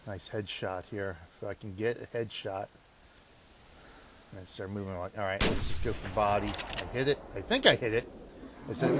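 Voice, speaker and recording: Against a noisy background, a man with a lowish voice talks through his hunting game at a normal pace. He rambles, laughs at his own mistakes, and alternates between quiet muttering and loud bursts of exasperation.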